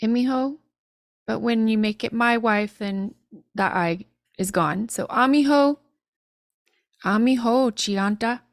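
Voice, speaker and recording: Slow, careful woman teaching a lesson. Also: medium pitch, gravelly, dry recording, studio quality. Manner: slow, careful pronunciation with light laughs. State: frog in her throat. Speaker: language teacher. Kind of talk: online language lesson.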